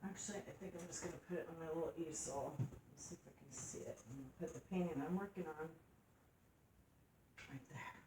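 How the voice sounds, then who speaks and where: Middle-aged lady chatting thru a craft unboxing at home, lowish voice, gushy and sweet, faint hiss behind. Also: fairly quick, echoey room. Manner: chatty, gushing and affectionate. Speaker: craft channel host. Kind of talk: casual unboxing vlog. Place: at home by her craft desk.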